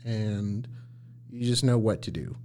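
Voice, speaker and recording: A man's voice: on the low side, unhurried, warm tone, a little hiss or hum. A man, a paramedic guest, telling work stories in casual chat, laughing often and acting out his own lines in a raised voice.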